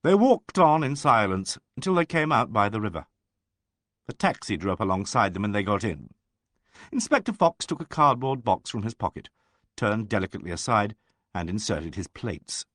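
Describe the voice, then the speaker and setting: A man narrating a mystery audiobook in an expressive, animated reading. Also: fairly low pitch, normal speed, no room sound, studio quality.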